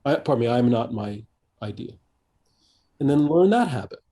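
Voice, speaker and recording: An older American man speaks in a warm, mellow tone as a guest in an interview. He talks reflectively and often pauses on fillers and restarts his sentences. He is a seasoned coach. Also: medium pitch, animated. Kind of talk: conversational interview.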